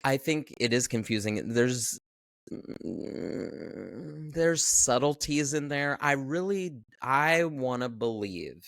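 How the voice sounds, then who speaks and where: A man's voice: mid-range voice, lively intonation, slow, vocal fry, fairly bright tone, no echo, clean studio sound. A man co-hosting a podcast, talking casually and thoughtfully about a film, often hesitating and restarting his sentences. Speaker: podcast co-host. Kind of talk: casual chat recapping a film.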